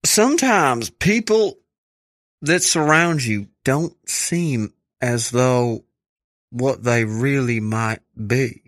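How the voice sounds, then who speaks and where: A man playing a shifty male pizza tycoon posing as a Belgian gentleman, evasive and sleazy, calling everyone boy, in an improvised comedy sketch. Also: medium pitch, takes it slowly, no room sound, studio quality. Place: studio.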